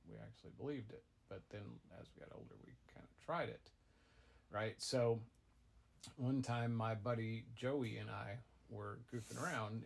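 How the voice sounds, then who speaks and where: A middle-aged man, a father improvising a goofy tall tale for his child, rambling with deadpan asides. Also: on the low side, vocal fry. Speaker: father telling a bedtime-style story.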